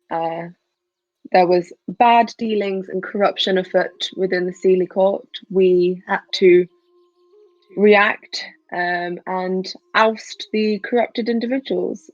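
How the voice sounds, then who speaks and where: A woman's voice: medium pitch, a little mellow, no room sound, lo-fi sound. A woman playing in a tabletop game, hesitant and full of fillers. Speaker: player. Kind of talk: tabletop role-play.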